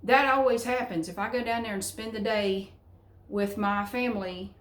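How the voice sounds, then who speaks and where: A woman's voice: mid-range voice, fairly even intonation, moderate pace. A middle-aged woman with a Southern US accent chatting frankly to camera at home, rambling from one story to the next and cursing freely. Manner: rambling, frank, salty language. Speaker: vlogger. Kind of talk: casual chat to camera. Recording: roomy echo.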